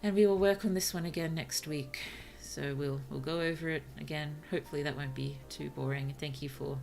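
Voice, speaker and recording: A woman's voice: low-pitched, steady tone, a little fast, vocal fry, a little mellow. A woman with an Australian accent chatting casually on a livestream, musing aloud and laughing often. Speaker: streamer and writer.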